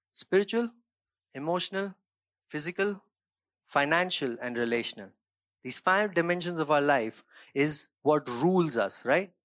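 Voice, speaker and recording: A pastor preaches an earnest sermon in a somewhat high voice, moving from quiet, reflective stretches into raised, emphatic bursts. He keeps checking in with listeners by asking "right?" and "okay?" The recording is dry and close to the mic.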